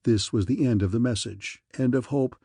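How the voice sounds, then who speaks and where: A man with a slightly husky, mid-pitched voice narrates an audiobook in a steady, measured way. The recording is dry and close, with no room sound. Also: dry recording.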